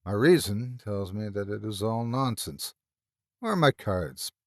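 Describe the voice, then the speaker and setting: A man voicing Barnes, a nervous but rational young man in a read-aloud ghost story, speaking in uneasy, measured tones. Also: on the low side, animated, no echo, clean studio sound.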